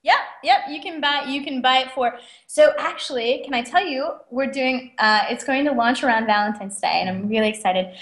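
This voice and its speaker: A young adult woman, a guest author, telling stories in a chatty, animated way and laughing often. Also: sits high, normal speed, hardly any pauses. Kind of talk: casual interview storytelling. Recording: roomy echo.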